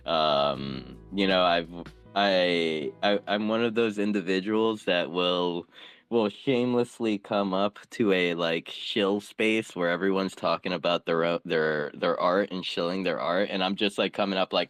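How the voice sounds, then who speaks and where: Casual male co-host, lower voice, joking and stammering, faint music behind. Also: a little slow, fairly bright tone, no room sound. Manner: laid-back, joking, stammering. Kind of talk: casual Twitter Space chat.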